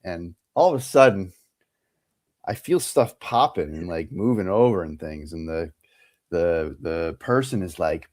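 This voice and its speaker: Lively man telling a story. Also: low-pitched, unhurried. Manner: animated storyteller, acts out quotes. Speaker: co-host. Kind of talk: casual chat, storytelling.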